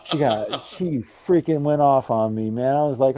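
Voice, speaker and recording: A man's voice: mid-range voice, moderate pace, dark tone, dry recording. A man guesting on a livestream, telling gossipy stories in casual chat. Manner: gossipy, storytelling.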